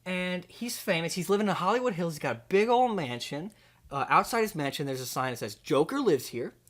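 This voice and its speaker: Rambling young man pitching an absurd movie. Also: fairly quick. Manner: rambling, deadpan absurd, lots of fillers. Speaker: comedy video host.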